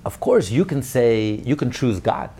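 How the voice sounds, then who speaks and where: A man giving a Torah lecture as a rabbi, emphatic, moving between loud declarations and quiet asides, with Hebrew terms throughout. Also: mid-range voice, sing-song, a little slow, breathy edge.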